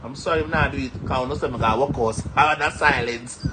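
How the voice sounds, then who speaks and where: A man's voice: medium pitch, a little fast, heavy background noise. A man from Jamaica with a Jamaican accent, chatting casually and animatedly on a live stream, rambling and laughing between stories.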